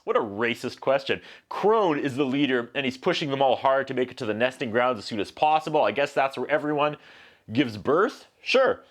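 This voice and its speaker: A man recapping a film for a home video review, with sarcastic, joking asides. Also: medium pitch. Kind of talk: comedic movie recap.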